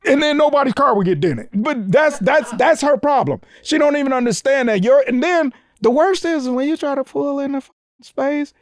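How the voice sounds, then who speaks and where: A man's voice: extremely high pitch, moderate pace. A man telling stories and ranting indignantly in a casual podcast chat, often breaking into laughs. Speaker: comedian guest.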